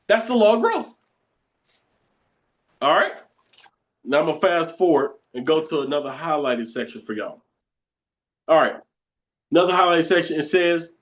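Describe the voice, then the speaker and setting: Emphatic man explaining a text. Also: fairly high pitch. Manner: emphatic and conversational, repeats points, laughs. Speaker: teacher. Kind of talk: reading aloud and explaining a text.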